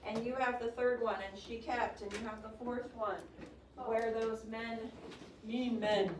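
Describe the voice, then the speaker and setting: Lady teacher reading a poem to her class, pretty high voice, echoey room, mic kinda far off. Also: normal speed. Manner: expressive reader, coaxing questions to students. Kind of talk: classroom poetry reading and discussion. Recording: roomy classroom sound from a distant mic with noise.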